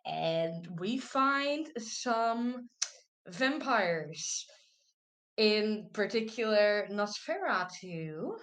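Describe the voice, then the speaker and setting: A woman's voice: mid-range voice, animated, very slow, a bit bright. A woman player wryly recapping a tabletop game session with sarcastic asides. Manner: sarcastic, wry.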